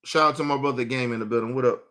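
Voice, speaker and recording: A male livestream host rants at his chat through a streaming setup mic, combative, profane and mocking as he talks right to the viewers. His voice sits at a medium pitch with a steady tone, and he speaks in a rapid-fire, pushed, bright way.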